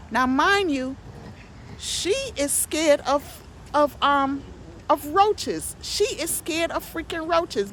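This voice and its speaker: A chatty woman with a slightly raised pitch tells stories about her neighbors in a loose, gossipy way. She swears, then apologizes for it. Her voice carries faint outdoor ambience behind it. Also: slight background noise. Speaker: vlogger telling neighborhood stories. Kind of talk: casual storytelling monologue. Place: outdoors near parked vehicles.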